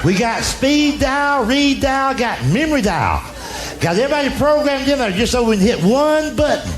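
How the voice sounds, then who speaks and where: A man's voice: very high voice, sing-song, moderate pace, music in the background. A man with a Southern US accent doing folksy stand-up storytelling, drawling his punchlines. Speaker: stand-up comedian. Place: comedy stage before an audience. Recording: roomy live show with loud crowd laughter.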